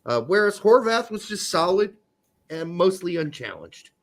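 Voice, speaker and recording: A man co-hosts a casual soccer podcast, joking, swearing freely and staying animated. His voice sits high and his pace is moderate.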